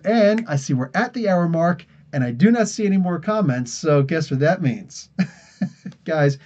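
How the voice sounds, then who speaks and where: A man's voice: a little high, darkish tone, dull audio. A man from New Jersey hosting a casual comics podcast livestream, tired and rambling, laughing often. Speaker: podcast host.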